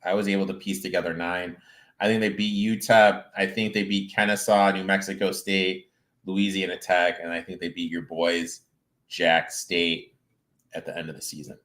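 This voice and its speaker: A man's voice: sits low, little pitch movement, moderate pace, fairly bright tone. A man co-hosting a casual sports chat, talking steadily and analytically as he lists stats. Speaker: podcast co-host.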